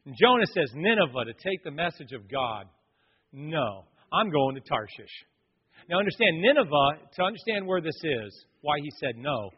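Preaching at normal speed, a pastor with a husky, slightly high voice recounts a personal story in lively fashion, imitating the other characters as he goes. The recording is dull and lo-fi, and a large hall adds long reverb.

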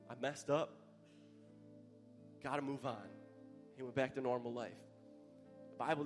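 A male pastor preaching a sermon with passion, growing louder at the climaxes. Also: mid-range voice. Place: church hall. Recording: live church hall with long reverb and soft music.

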